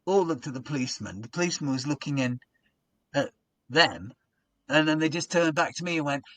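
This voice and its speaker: Male comic, animated storyteller, slightly high voice, bright tone. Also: brisk, no room sound. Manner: animated storyteller who acts out his own stage patter. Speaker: podcast guest, comedian. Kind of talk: casual anecdote telling.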